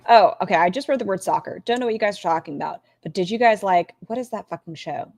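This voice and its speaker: A woman's voice: medium pitch, quick pace, a little mellow. A woman streaming a reaction, making wry, sarcastic comments to her chat.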